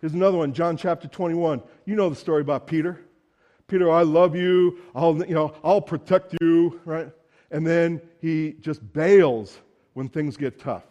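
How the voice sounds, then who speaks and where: A man preaching a sermon in a fairly high voice. He acts out the voices he quotes and swings between loud, pressing lines and hushed ones. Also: fairly even intonation, moderate pace, muffled recording.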